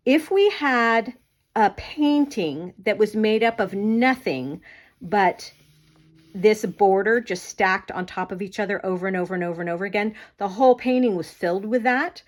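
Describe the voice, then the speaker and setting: A woman teaching an online art class in a casual, conversational way, often checking that the viewer follows. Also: medium pitch. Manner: conversational, explaining with many fillers and checks.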